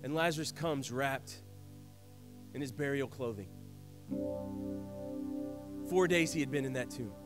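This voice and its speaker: A man in a church performing a dramatic first-person monologue, earnest and storytelling, hushed one moment and rising the next. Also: mid-range voice, measured pace, long pauses. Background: music.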